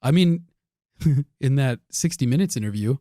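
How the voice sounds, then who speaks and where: A man's voice: medium pitch, lively intonation, moderate pace, mellow, no room sound, studio quality. A man co-hosting a casual podcast, hesitant and agreeable, often restarting his sentences. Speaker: podcast co-host.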